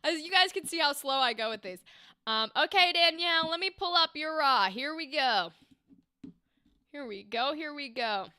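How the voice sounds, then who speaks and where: Woman livestream host, voice acting feedback, bubbly, encouraging, high bright voice. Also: expressive, moderate pace, no room sound. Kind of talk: casual livestream critique.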